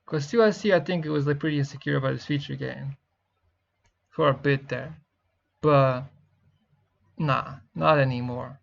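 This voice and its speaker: A young man giving rambling, excitable music reaction commentary, swearing often and filling pauses with "uh" and "like". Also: mid-range voice, creaky. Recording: dull lo-fi mic with faint music. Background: faint music playing.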